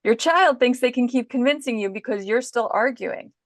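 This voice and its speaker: Calm, gravelly woman giving parenting advice. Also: on the high side, moderate pace, no room sound, studio quality. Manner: calm, instructive, explains patiently. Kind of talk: podcast interview advice.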